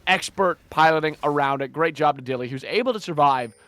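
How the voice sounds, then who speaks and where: A man calling the action in a live esports match, lively and rising in pitch during the plays. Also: brisk. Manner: energetic, rises in pitch when calling the action. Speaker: esports caster. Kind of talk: esports play-by-play commentary. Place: broadcast booth.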